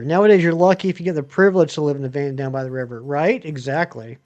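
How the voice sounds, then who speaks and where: A man's voice: fairly high pitch, fast talker, few pauses, a little mellow, lo-fi sound, faint music behind. A man in his thirties chatting casually on a live stream, rambling and answering viewers. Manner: rambling, chatty, many ums and uhs. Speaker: game streamer.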